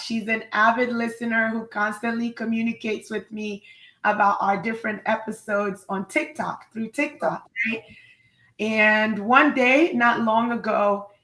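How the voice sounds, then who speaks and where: A woman's voice: a little high, a bit bright, echoey room, rough recording. A woman hosting a live online talk show, effusive and upbeat as she introduces her guest. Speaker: host.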